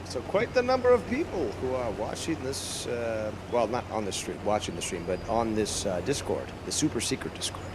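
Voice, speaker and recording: Brief: male streamer, mid pitch, easygoing chatter over clear background noise. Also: sing-song, normal speed, few pauses. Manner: rambling, laid-back, swears. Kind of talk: casual chat on a live stream.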